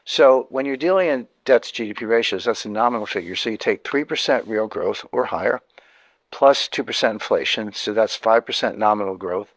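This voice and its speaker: A man's voice: fairly low pitch, fairly quick, no room sound. A man, a guest in an interview, explaining economics emphatically, repeating key points and often restarting sentences.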